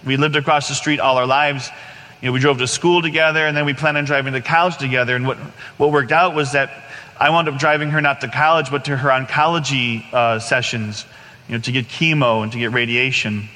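A man in his forties giving an animated personal testimony to a congregation, acting out scenes as he tells them. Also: medium pitch, a little fast, big-room sound. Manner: animated storyteller, acts out scenes.

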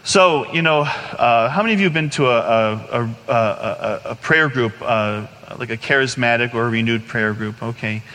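A man in his forties giving an animated personal testimony to a congregation, acting out scenes as he tells them. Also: mid-range voice, normal speed, few pauses, long reverb tail. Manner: animated storyteller, acts out scenes.

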